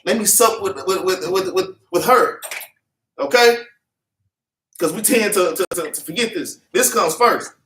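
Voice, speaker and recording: A man's voice: sits high, unhurried, a bit bright, a little hiss or hum. A man teaching a Bible class, preaching with fervent, repetitive street talk and having scripture read back to him. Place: meeting room with congregation. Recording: echoey room, mic at a distance.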